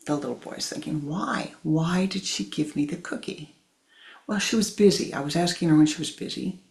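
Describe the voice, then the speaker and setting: A woman spiritual teacher giving a sermon, telling a story in a deliberate way and acting out its voices. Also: sits low, creaky.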